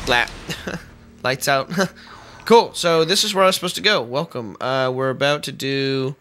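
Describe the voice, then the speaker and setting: A man hosting a let's play, giving excitable, joking gameplay commentary and swearing often. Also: medium pitch, unhurried. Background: game music.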